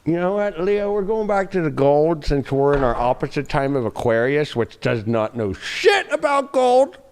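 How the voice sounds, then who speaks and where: A man's voice: fairly high pitch, moderate pace, smooth. A man hosting an astrology talk, brash and profane, smoking a cigarette as he talks. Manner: brash, swears freely, animated. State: smoking a cigarette while talking. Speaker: astrology show host. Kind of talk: casual profane astrology chat.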